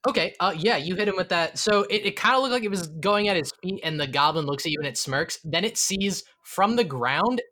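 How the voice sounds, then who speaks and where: Bright-voiced, halting game master. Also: medium pitch, expressive. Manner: halting, amused, lots of fillers. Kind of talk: narrating a tabletop game.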